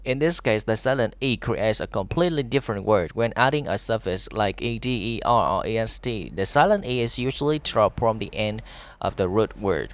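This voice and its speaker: A man with a Vietnamese accent, a teacher reading an English lesson aloud, pausing often on fillers and restarts. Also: mid-range voice, animated, no echo.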